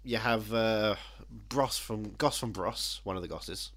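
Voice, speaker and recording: A man hosting a casual podcast, ranting in an animated, sardonic way. His voice is bright and fairly low. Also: unhurried. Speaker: podcast host. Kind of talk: casual chat.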